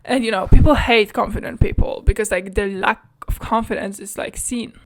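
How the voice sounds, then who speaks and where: A woman's voice: mid-range voice, moderate pace. A young adult woman hosting a casual solo podcast, rambling candidly, swearing freely and filling her talk with "like". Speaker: podcast host.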